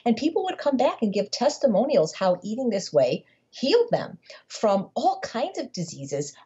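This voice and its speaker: A woman talks as a guest on an interview podcast, her voice deeply husky and breathy with a mellow, dark warmth. She speaks emphatically and circles back on words as she drives a point home. The audio is dull and lo-fi. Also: sing-song, moderate pace. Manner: emphatic, repeats words when building a point. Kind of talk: conversational interview storytelling.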